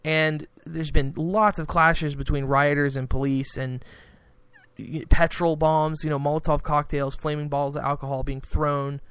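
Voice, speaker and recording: A man hosts a podcast, talking loosely through political commentary and stopping often to restart his thoughts. His voice sits a little high and sounds smooth and clean. The recording is dry and close, with no room sound around him. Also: flat delivery, unhurried, fairly bright tone, no room sound. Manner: rambling, restarts, acts out quoted exchanges. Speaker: podcast host.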